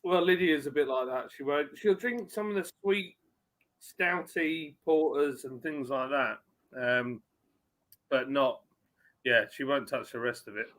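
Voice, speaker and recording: Bright-voiced chatty man. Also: mid-range voice, measured pace. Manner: chatty, reads out viewer names. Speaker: live stream host. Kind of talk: casual live chat.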